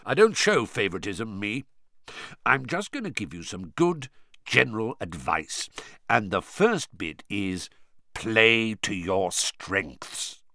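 A man putting on a gruff growling old auror. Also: lowish voice, sing-song, slow pace, bright, forceful tone, dry recording, exaggerated voice. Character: gruff grizzled older male auror, suspicious.

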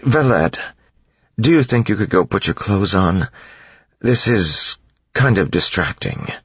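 A man's voice: low voice, lively intonation, a little slow, fairly bright tone, breathy edge, no room sound, pitched above the performer's own voice, full character voice. A man voicing an awkward, bookish young nobleman who hesitates and fumbles with polite wryness, in a dull lo-fi audiobook recording. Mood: flustered.

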